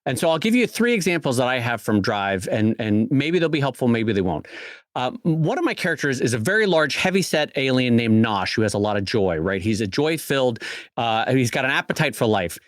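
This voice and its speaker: A man co-hosting a casual podcast, talking in an animated, expressive way about comic-making. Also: mid-range voice, fairly quick, no echo, studio quality. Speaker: podcast co-host, comic creator.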